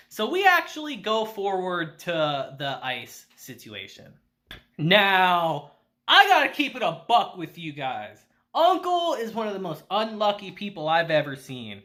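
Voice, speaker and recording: Lively, laughing anime reviewer man. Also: sits high, unhurried. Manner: animated, laughing often, slangy. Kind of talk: casual video review.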